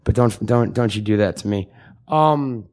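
A man co-hosting a podcast, talking in casual comedic banter, profane and joking, slipping into quick impressions. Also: on the low side, a little mellow. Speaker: podcast co-host.

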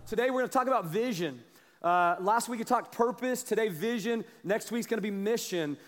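A man preaching a sermon as a pastor, telling a story with animated energy and a slight cough. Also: sits high, a little fast, big-room sound. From Kansas, US. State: has a cough.

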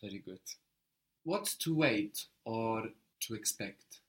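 A man teaching a language lesson, prompting a learner and repeating answers slowly and patiently. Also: on the low side, lively intonation, fairly bright tone.

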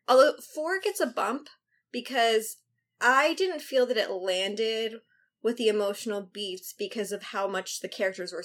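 A woman hosting a casual podcast chat, relaxed and hesitant, with frequent ums. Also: a little high. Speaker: podcast host.

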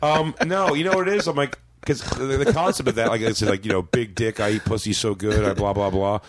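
A man with a somewhat low voice holds the floor as a comedian on a casual podcast. He rambles through profane stories, slipping into quoted voices. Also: a little fast, slight background noise.

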